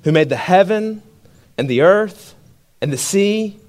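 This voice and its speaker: A man's voice: high-pitched, a little slow. A young man preaching a sermon, telling stories with rising energy and calling out to the congregation. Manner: animated storytelling, building to shouts. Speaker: pastor.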